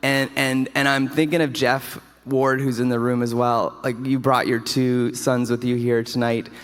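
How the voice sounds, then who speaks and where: A man's voice: mid-range voice, level tone, normal speed, clear, resonant tone. Man, award acceptance speech, casual storytelling, enthusiastic, long hall reverb. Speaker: award recipient. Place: large hotel ballroom.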